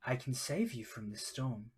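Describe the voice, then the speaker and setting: A man voicing a spectral glowing maiden of the sea who speaks calmly and offers a bargain in a tabletop game. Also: medium pitch, normal speed, husky. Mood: cryptic.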